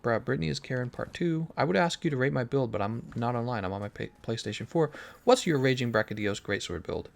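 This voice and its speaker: A man's voice: mid-range voice, expressive, fast, gravelly. A man streaming a game live, chatting casually, joking, thinking aloud and answering his viewers' questions. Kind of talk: casual live-stream commentary while playing.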